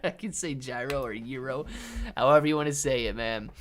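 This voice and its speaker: A man's voice: medium pitch, fairly even intonation, moderate pace, fairly bright tone. Laid-back man reading chat on stream. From Ohio, USA. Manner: laid-back, reads chat aloud, calls viewers man and dude. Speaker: livestream trading host. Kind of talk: casual livestream chat.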